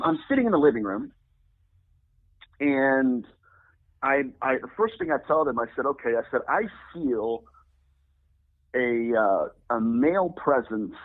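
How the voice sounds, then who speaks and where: A man, a religious demonologist, earnestly telling a personal story as a guest in an interview, often quoting himself. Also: mid-range voice. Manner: earnest, recounts events and quotes himself. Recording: phone-like narrow sound.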